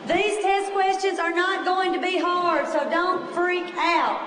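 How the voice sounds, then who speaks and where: Woman instructor, high pitch, chatty and reassuring, recorded from afar in an echoey hall. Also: fairly even intonation, a bit bright, a little hiss or hum. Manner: chatty, reassuring, brisk teacher talk. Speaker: test prep instructor. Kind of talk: lecture to a class. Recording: echoey room, voice far from the mic.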